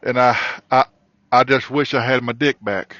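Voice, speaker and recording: A man voicing a distraught, weary woman with a deep, gravelly, smoky voice, speaking slowly and flatly in a dull lo-fi recording. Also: no room sound, lightly acted. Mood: regretful.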